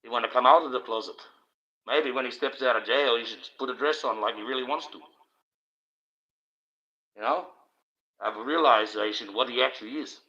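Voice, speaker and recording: This is a man from Australia ranting through a livestream in a coarse, repetitive way, swearing constantly. His voice is bright and forceful. The audio is dull and lo-fi. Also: medium pitch, moderate pace, pauses often. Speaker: livestream host. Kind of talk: profane rambling monologue.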